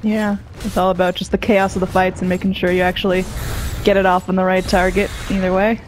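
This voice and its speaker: A woman casting a live video game match with relaxed, chatty play-by-play. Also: medium pitch, fairly quick, a little hiss or hum. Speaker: esports caster.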